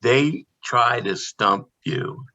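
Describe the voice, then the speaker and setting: A man who is a guest on a podcast, telling candid stories in an animated, casual way. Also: mid-range voice, very slow, highs cut off. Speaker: podcast guest, theme park performer. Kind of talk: casual storytelling chat.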